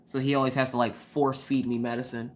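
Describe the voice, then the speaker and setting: A chatty young woman hosting a casual craft live stream, her voice sitting low for a woman. She giggles a lot and bounces into quoted voices while she tells her stories. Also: little pitch movement, a little fast, darkish tone. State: recovering from a cold. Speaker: livestream host.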